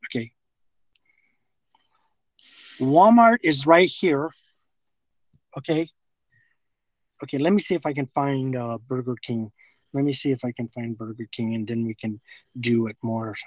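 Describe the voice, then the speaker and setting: A middle-aged man talking in a halting, rambling way with nervous laughter. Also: medium pitch, darkish tone, dry recording, rough recording. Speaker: confronted man. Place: parked car outside a fast-food restaurant.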